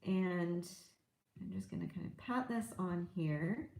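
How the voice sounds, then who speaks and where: A woman's voice: lowish voice, slow pace, creaky, darkish tone. Chatty woman demonstrating crafts, echoey room. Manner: chatty, explains while working, small hesitations. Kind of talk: live craft tutorial.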